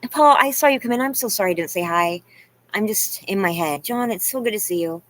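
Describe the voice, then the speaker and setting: A woman's voice: mid-range voice, lively intonation, a little fast, fairly bright tone. A woman talking casually and emotionally to her livestream chat, rambling and confessional, full of "you guys" and "like". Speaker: vlogger talking to live chat.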